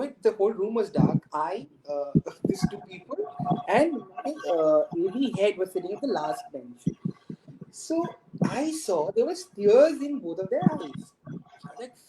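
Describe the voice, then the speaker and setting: A man's voice: high voice, sing-song, a little slow. A man in his thirties with an Indian English accent, a film director chatting as a guest, very talkative and laughing often as he tells stories. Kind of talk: casual storytelling. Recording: noisy recording with clicks.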